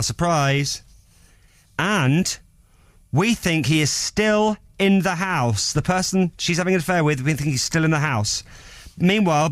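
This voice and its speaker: A man hosts a radio show in a dry studio, his voice sitting a little high for a man. He chats in a playful, teasing way and keeps things light. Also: a bit bright, no echo. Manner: jokey, chatty, teasing. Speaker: radio host. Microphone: studio microphone.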